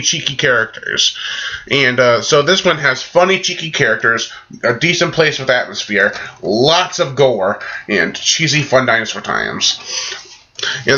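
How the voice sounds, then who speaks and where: A man's voice: medium pitch, sharp tone. A man casually reviewing a movie, rambling in a loose, jokey way. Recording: dull lo-fi recording.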